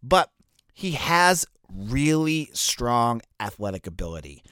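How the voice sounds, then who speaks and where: Animated Boston man on football recruiting. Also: medium pitch, slow pace, clean tone, dry recording, clean studio sound. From Boston area. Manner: conversational, many fillers and restarts. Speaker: college football recruiting analyst. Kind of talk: casual solo commentary.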